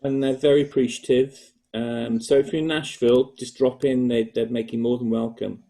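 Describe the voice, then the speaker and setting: Older English man, mellow and relaxed, chatty with restarts, on a video call. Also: medium pitch, normal speed. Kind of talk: casual chat on a video call.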